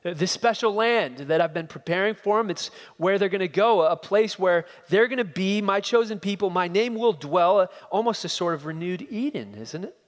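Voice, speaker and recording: A man's voice: high-pitched, animated, moderate pace, hardly any pauses, long reverb tail. A man preaching an expository sermon, emphatic and building his points through repeated phrases.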